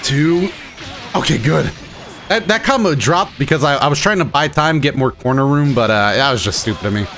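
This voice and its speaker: A gaming YouTuber gives excitable live commentary on his own fighting-game matches, swinging between muttering and shouting. His medium-pitched voice, a bit rough in the throat, moves at normal speed.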